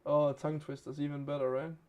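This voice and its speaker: Pria, aksen Denmark, host siaran langsung, suara agak tinggi, banyak tertawa. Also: male voice, fairly high pitch, level tone, fast talker, darkish tone. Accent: Danish. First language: Danish. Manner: chatty storyteller, laughs often. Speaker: live stream game host. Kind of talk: casual live-stream chat.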